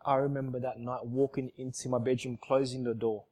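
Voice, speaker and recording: A man giving an emotional church testimony, emphatic and repetitive, swinging from loud outbursts to soft, hushed lines. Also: mid-range voice, flat delivery, a little fast. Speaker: speaker giving a personal testimony.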